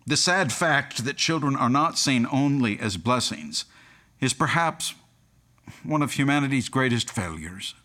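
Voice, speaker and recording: A male pastor preaches a sermon in a medium-pitched voice that rises and falls with lively emphasis. He moves easily into humorous storytelling and chuckles at his own anecdotes. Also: measured pace.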